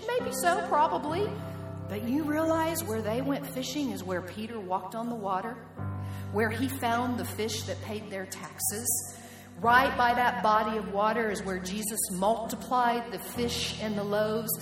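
A woman's voice: fairly high pitch, a little slow. A woman preacher telling a story in a sermon, acting out each character as she goes. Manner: animated storytelling that acts out the quoted characters. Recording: echoey hall with music behind.

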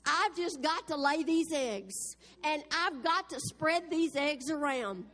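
A woman's voice: sits high, lively intonation, slow pace, fairly bright tone, exaggerated voice. A woman preacher voicing a bold, determined hen in a sermon story, speaking plainly and resolutely. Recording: echoey hall.

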